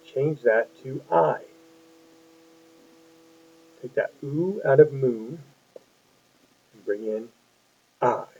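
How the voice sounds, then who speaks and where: Speaking extremely slowly with long pauses, a man with a mid-range, slightly mellow voice and a breathy edge teaches a phonics lesson to young children. He is patient and encouraging, asking many questions, and the sound is tinny, lo-fi and phone-like.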